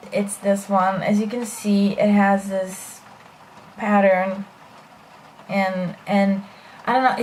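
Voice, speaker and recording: A woman's voice: on the high side, slight background noise. A young woman chatting casually through a makeup tutorial as a beauty vlogger, self-deprecating and full of fillers.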